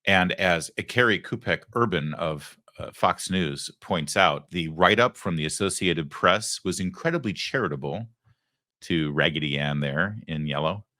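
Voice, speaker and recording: A man's voice: sits low, a little slow, bright, forceful tone, no room sound, studio quality. A man hosting a political commentary show, delivering a sarcastic opinion monologue and acting out the people he quotes. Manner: sarcastic, mocking, acts out quoted voices.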